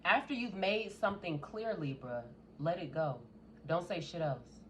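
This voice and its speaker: A woman giving a casual tarot reading in a blunt, profane, animated way. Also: lowish voice, normal speed, slight background noise. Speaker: tarot reader.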